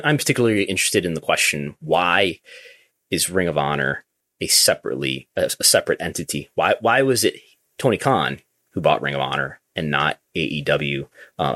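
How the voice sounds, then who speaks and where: A man with a deep, low voice co-hosts a casual wrestling news talk. He stammers and restarts as he goes, then fires off strings of questions. The sound is dry and close, with no room around it. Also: a bit bright, no echo. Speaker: podcast co-host.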